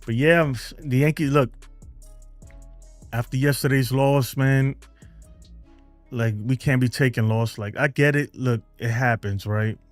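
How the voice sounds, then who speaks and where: A baseball fan channel host chats casually on a home live stream, reading viewer comments, laughing a lot and constantly saying "man" and "bro." His mid-range voice stays fairly even, running a little slow with frequent pauses. The sound is dry with no echo, and faint music plays in the background.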